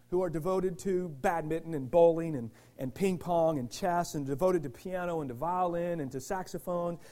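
A male pastor preaching a sermon with passion, firing rhetorical questions at the congregation and swinging from shouts to quiet asides. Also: sits high.

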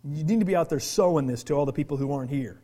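A man preaching a sermon as pastor, animated, moving from quiet confiding talk to shouted emphasis. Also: on the high side, rapid-fire.

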